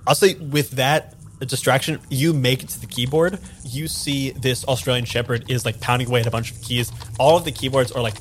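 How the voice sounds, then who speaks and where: A man's voice: mid-range voice, fairly even intonation, brisk, slight background noise. A man narrating a tabletop role-playing game as game master, talking casually and rambling with lots of fillers.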